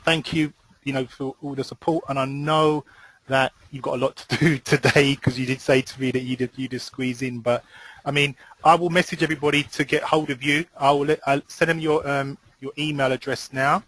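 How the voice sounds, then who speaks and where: A man's voice: medium pitch, steady tone, a little fast, rough recording. Hesitant British man hosting a call. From United Kingdom. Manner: warm thanks, many ums, hesitant. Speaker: host of the call.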